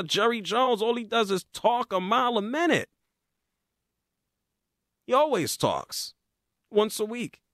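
A man hosting a sports commentary show, ranting with sarcasm in an animated way. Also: high-pitched, dry recording, studio quality.

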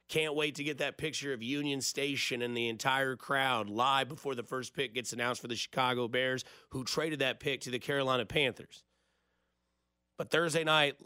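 Man in his 30s, radio host, bright forceful voice, dry studio sound. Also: mid-range voice, smooth, no echo. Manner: rambling storyteller, jokey. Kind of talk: casual radio talk.

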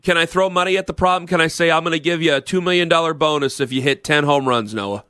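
A man's voice: on the high side, fast, sharp tone, no echo, clean studio sound. A man hosting a sports talk radio show, ranting bluntly and sarcastically about the game.

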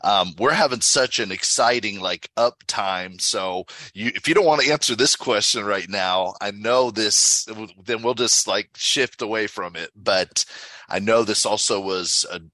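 A man's voice: on the low side, measured pace, sharp tone, no echo. A man hosting a faith-based radio interview, encouraging his guest with frequent affirmations. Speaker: radio host.

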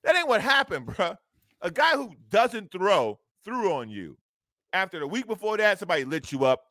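A man co-hosting a sports talk show, ranting and mocking in loose slang with loud outbursts. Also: sits high, big pitch swings, normal speed, no echo, studio quality.

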